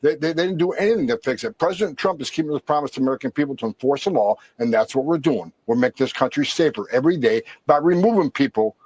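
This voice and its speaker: A man's voice: fairly high pitch, animated, quick pace, hardly any pauses, darkish tone, breathy edge, dry recording. Blunt male official giving a statement. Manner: blunt, emphatic, stacks short lists. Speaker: government official. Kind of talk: press statement.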